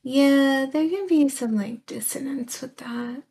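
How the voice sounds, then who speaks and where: Young British woman streamer, casual chat, soft and slow, drifts into whispers. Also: high voice, vocal fry.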